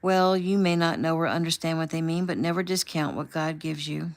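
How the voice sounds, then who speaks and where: A woman reading as a calm, gently firm father. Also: sits low, brisk. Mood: gentle. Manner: soft, steady encouragement.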